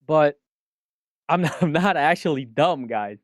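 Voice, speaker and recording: A man co-hosting a casual reaction stream, speaking in a measured, wry way. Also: fairly high pitch, expressive, no room sound. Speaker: VTuber co-host.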